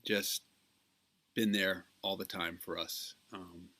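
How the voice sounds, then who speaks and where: A man recording a birthday greeting who tells a story and pauses often with ums. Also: deep voice, flat delivery, sharp tone, no echo. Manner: storytelling, halting with many ums. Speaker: family member giving a birthday message.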